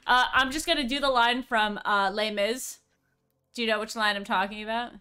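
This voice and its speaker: Excitable high-pitched woman streamer. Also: smooth. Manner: excitable, animated, quick reactions. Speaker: streamer host. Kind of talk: casual gameplay chat.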